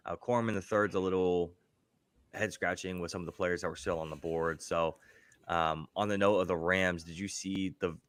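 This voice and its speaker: A man with a deep, low voice talks football on a podcast in a relaxed, meandering way, dotting his thoughts with fillers. The sound is close and dry, with no room around it. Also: no echo. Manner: relaxed, rambling, frequent fillers. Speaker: podcast co-host. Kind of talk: casual sports chat.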